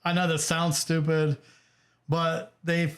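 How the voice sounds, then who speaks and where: A man from Ohio hosting a podcast in casual chat, halting with many restarts and casual swearing. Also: fairly high pitch, flat delivery. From Dayton, Ohio. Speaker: podcast host.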